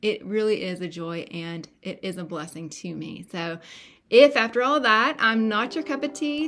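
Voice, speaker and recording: A woman's voice: mid-range voice, normal speed. A woman with a Southern US accent chatting to camera as host of a crochet podcast, folksy and full of fillers. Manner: chatty, folksy, warm thanks with many fillers. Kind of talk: casual chat to camera.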